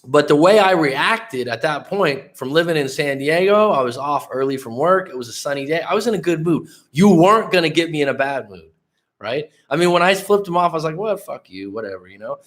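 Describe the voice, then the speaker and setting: A man's voice: a little high, animated, brisk, a bit bright. A man in his late thirties from the San Francisco Bay Area, a life coach host telling a story in a candid, conversational way on a casual livestream, swearing often. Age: late 30s.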